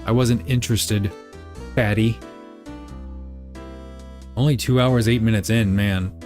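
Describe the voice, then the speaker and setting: A man's voice: fairly low pitch, fairly even intonation, slow pace, darkish tone, soft background music. A young man streaming a game live, reading the dialogue aloud and cracking crude jokes. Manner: joking, crude asides.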